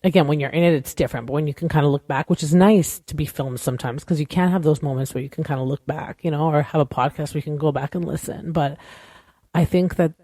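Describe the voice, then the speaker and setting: A woman's voice: low-pitched, fast, mellow, no echo, clean studio sound. A woman hosting a podcast, talking through a show recap in a candid, rambling way with lots of "like" and "you know.". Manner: opinionated, candid. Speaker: podcast host. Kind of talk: casual recap chat.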